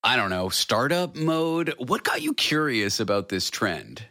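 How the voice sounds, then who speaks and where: A man's voice: medium pitch, big pitch swings, a little slow, bright, forceful tone, no room sound, clean studio sound. A man hosting an interview show, asking curious, wry questions. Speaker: podcast host. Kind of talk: conversational interview.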